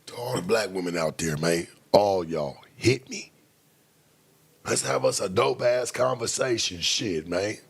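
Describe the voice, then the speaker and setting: A man hosting a late-night show, talking in a blunt, profane casual monologue with sudden loud outbursts. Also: on the low side, lively intonation, measured pace, creaky, slightly rough.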